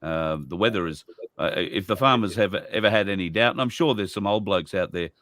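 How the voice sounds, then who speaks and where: A man's voice: low-pitched, fairly quick, fairly bright tone, no room sound, studio quality. An Australian man chatting on an online talk show, explaining at length with rambling asides. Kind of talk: casual chat.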